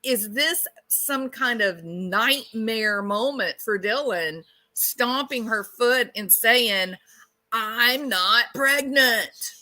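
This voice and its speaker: A woman hosts a true-crime channel, speculating in a blunt, conversational way. She keeps asking rhetorical questions, and her voice is bright and sharp. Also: a little high, expressive, slow pace, hardly any pauses. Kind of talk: casual speculative commentary.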